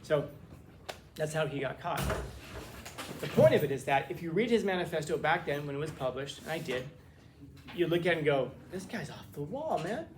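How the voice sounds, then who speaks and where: A man's voice: a little high, slight background noise. Joking man lecturing a class. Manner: conversational, joking asides, many restarts. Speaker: teacher.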